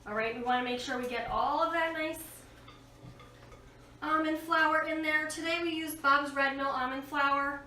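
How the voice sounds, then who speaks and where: A woman's voice: high voice, steady tone, normal speed, sharp tone, a little hiss or hum. A woman in her thirties hosting a casual cooking demonstration in her home kitchen, chatting to viewers and coaching her kids as she cooks. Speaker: host of a home cooking show, mother. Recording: echoey kitchen, far from the mic, clattering dishes. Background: clinking cutlery and dishes.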